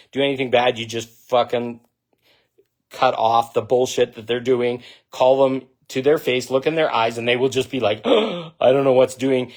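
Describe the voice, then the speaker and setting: Man, spiritual talk to camera: blunt, profane, impassioned, mid-pitched voice. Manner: blunt, profane and impassioned, swinging between loud outbursts and low intensity. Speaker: spiritual vlogger. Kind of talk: direct-to-camera monologue.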